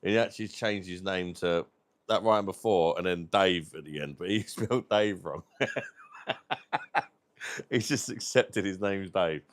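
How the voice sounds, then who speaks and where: A man's voice: deep voice, measured pace, pauses often. A British man hosting a livestream, chatting casually and rambling, swearing freely. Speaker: livestream host.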